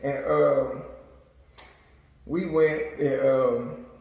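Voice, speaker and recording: A man's voice: medium pitch, drawn-out words, creaky, lo-fi sound. A man in his thirties telling a funny story in casual chat, laughing often and acting out the voices. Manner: animated, laughing a lot, acting out quotes. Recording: very echoey room.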